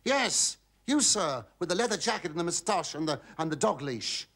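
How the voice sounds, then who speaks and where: A middle-aged actor playing a bumbling, scheming Roman slave who rambles in flustered asides to the audience, in a 1970s TV sitcom. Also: male voice, a little high, big pitch swings, normal speed, a bit bright, full character voice. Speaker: servant. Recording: noisy 1970s TV sitcom recording.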